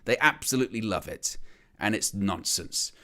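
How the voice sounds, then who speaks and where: A man hosting a live fan stream, ranting with animated disbelief and firing off rhetorical questions. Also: lowish voice, normal speed. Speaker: host of a fan channel. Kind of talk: live-stream opinion commentary.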